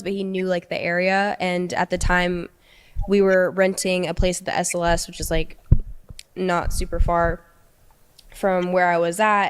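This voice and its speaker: Young woman, casual storytelling, halting, soft-spoken, smooth clear voice, slightly low pitch. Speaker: storyteller recounting a past relationship.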